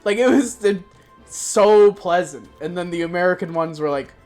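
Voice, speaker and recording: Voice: mid-range voice, normal speed, faint music behind. A streamer from Florida telling a travel story in casual, profane chat, acting out the people in it. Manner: animated, profane, puts on voices for quoted people.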